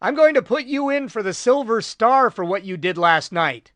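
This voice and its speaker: A man's voice: high-pitched, animated, normal speed, a bit bright, no echo, pitched above the performer's own voice. Man reading as a firm Marine captain. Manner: firm, giving orders. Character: Marine captain, steady commanding officer.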